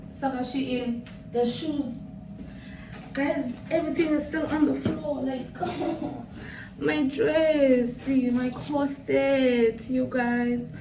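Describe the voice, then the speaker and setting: Excitable woman vlogging. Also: high-pitched. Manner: excitable, rambling, addresses viewers as guys. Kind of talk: casual vlog chat. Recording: roomy, distant mic, noisy background.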